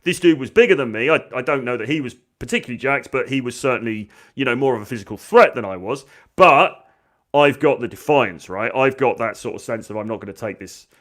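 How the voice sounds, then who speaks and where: A man's voice: mid-range voice, fairly quick. A man, a dating coach, telling a story from his school days and acting out the lines of the people in it. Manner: animated, acts out quoted lines. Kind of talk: storytelling monologue.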